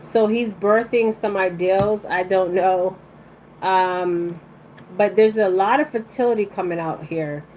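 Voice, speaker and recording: A woman's voice: medium pitch, unhurried, a little mellow, slight background noise, rough recording. A woman giving a live-streamed oracle card reading to her viewers. She rambles bluntly in casual slang and keeps checking in with "okay?".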